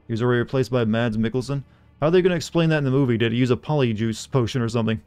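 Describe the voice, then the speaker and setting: A man's voice: mid-range voice, very fast, a little mellow, smooth, faint music behind. Male streamer, casual rambling talk, mid-range voice, reads game notes aloud.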